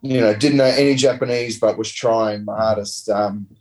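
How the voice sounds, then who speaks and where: An Australian man, a former rugby player, telling relaxed, rambling anecdotes in a casual interview. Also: fairly low pitch, moderate pace, rough recording. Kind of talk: casual storytelling.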